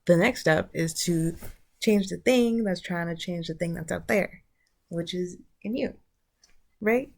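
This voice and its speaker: A woman's voice: fairly low pitch, unhurried, vocal fry. A woman vlogger giving a casual spiritual talk, loose and searching as she thinks aloud.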